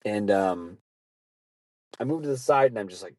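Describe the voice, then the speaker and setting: A podcast host telling casual, rambling stories with lots of swearing and frequent laughter. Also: male voice, lowish voice, lively intonation, normal speed, a little mellow, no echo. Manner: profane, rambling, laughing often. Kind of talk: casual storytelling.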